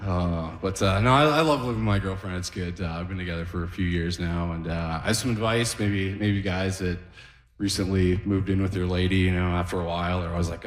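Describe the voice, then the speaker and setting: Male comic, thirties, dry low delivery, echoey club mic. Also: normal speed. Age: 30s. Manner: laid-back deadpan delivery with chuckles. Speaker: stand-up comedian. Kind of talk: stand-up comedy set. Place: club stage at an open mic.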